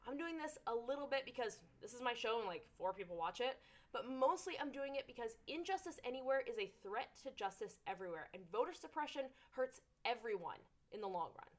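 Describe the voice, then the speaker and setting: A young woman hosting a scripted commentary show, talking in an animated, sarcastic way. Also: a little high, brisk. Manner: animated, sarcastic, puts on silly voices for jokes. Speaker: host.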